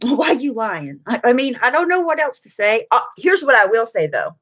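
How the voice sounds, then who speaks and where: A woman's voice: fairly high pitch, big pitch swings, normal speed, fairly bright tone. A tired woman talks casually on her live stream, greeting viewers one by one and chatting. She laughs easily and keeps a loose, gossipy tone.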